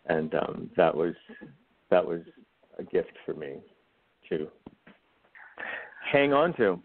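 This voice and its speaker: A man speaks in a lowish voice down a thin, phone-like line. He is a guest in a radio interview, reflective and heartfelt, pausing and restarting as he gathers his thoughts. The call audio is narrow and boxy. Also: very animated, vocal fry, slightly rough. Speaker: guest actor and writer.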